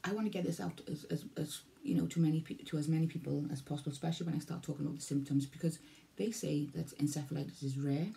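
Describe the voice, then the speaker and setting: A woman's voice: sits low, steady tone, fast talker, creaky, hardly any pauses, dark tone. A Welsh woman in her forties talking casually to camera, rambling, repeating herself and losing her thread. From Wales. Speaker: vlogger. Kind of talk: casual vlog talk to camera.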